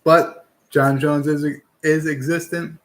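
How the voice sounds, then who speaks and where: A man's voice: a little high, little pitch movement, slow pace. A young man hosting a casual fight-picks show, talking in a blunt, opinionated and profane way. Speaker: podcast host giving fight picks.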